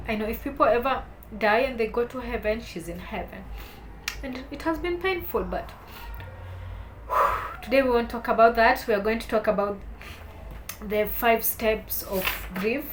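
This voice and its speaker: A young woman, talking to camera in a heartfelt, halting way while holding back tears. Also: on the high side, noisy background. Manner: heartfelt, halting, soft-spoken with emotional swells. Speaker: vlogger. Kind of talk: personal talk to camera.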